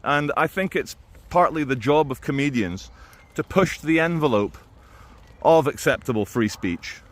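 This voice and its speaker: A man talking through his opinions in a casual, animated monologue to camera. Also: a little high, a little slow. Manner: conversational and animated, with quoted impressions. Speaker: video commentator.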